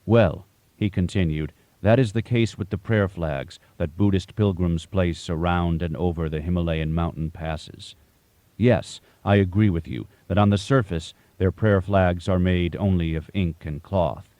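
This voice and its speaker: A man voicing Master Fwop, a calm, cryptic Buddhist master. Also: low-pitched, a little slow, no room sound. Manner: gentle, certain, teasing questions.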